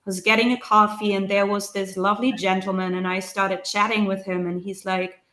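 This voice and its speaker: A woman's voice: mid-range voice, flat delivery, a little fast, bright, forceful tone. A woman from Germany, telling a heartfelt personal story in conversation, earnest and searching, with frequent ums and restarts. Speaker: ceremony practitioner sharing experiences. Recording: roomy echo.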